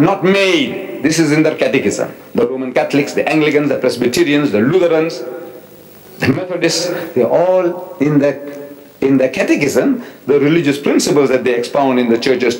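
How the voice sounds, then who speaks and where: A man in his seventies giving a public religious lecture, emphatic and animated, with wry asides. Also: a little high, low-quality recording. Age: 70s. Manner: recites Arabic verses quickly, then explains them. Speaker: Islamic lecturer.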